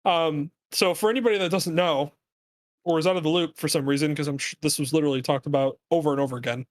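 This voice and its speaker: A man co-hosting a podcast, talking sports in a casual, animated, rambling rant full of fillers. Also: on the high side, quick pace, no room sound. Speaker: podcast co-host.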